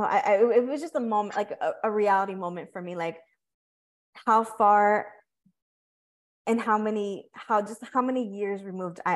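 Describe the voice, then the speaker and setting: A woman hosting a podcast, telling a personal story in a reflective, emotional way with many restarts. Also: mid-range voice. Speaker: podcast host. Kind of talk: candid conversational storytelling.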